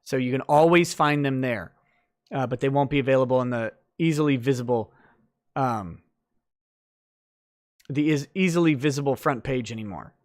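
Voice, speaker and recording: A man's voice: medium pitch, normal speed, pauses often, a little mellow. A man hosting a late-night livestream, chatting loosely through viewer comments with lots of fillers and restarts.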